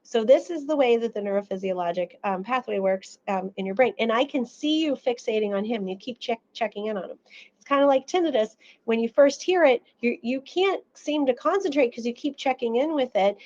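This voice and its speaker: A woman's voice: fairly high pitch, a little fast, muffled recording. A woman audiologist giving an educational seminar, telling stories and acting out little quotes as she explains. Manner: animated storytelling with acted-out quotes.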